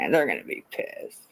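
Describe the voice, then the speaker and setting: A woman's voice: very deep voice, gravelly, bright, forceful tone, slightly rough, rough recording. A woman chatting casually on a livestream, rambling, repeating herself and swearing freely. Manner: rambling, profane, repetitive.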